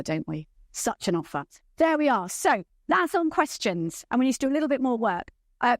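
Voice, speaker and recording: A woman's voice: fairly high pitch, no room sound, studio quality. A woman presenting a church leadership training session, enthusiastic and often checking in with her audience. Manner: enthusiastic, checks in with rhetorical questions.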